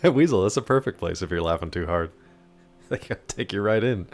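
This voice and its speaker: A man's voice: low voice, animated, a little fast. A man streaming a game live, chatting casually and teasing his chat as he answers them.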